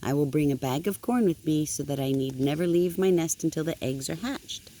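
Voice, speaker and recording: An older woman voicing a simple, anxious female duck in a storybook, speaking softly, slowly and earnestly. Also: sits low, lightly acted.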